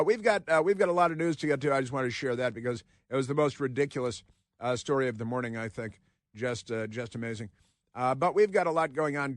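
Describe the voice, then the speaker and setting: A man's voice: mid-range voice, dry recording, studio quality. A man hosting a talk radio show, rambling sardonically between headlines he reads aloud.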